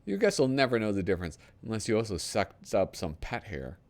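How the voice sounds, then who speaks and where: A brash, fast-talking TV pitchman, as a man puts him on while reading a parody ad aloud. His patter is pushy and hard-selling, and it runs low in pitch but swings up and down a lot. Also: huge pitch swings.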